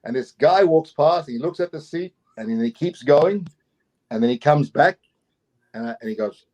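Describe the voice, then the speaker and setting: A middle-aged man from Queensland, Australia, with an Australian accent, telling a long travel story as an interview guest, animated and given to repeating his words and chuckling. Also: mid-range voice, normal speed, dull audio. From Doomadgee, Queensland, Australia. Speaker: guest actor and festival promoter.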